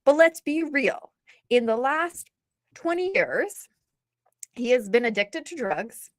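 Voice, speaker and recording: A woman's voice: high-pitched, expressive, slow pace, no echo. A woman in her thirties, a guest author, telling a personal story in a blunt, emphatic, candid way. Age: 30s.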